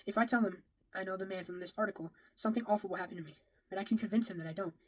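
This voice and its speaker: A woman races through a first-person novel in a medium-pitched voice, captured on a low-quality recording. Every so often she trips on a phrase and reads it again.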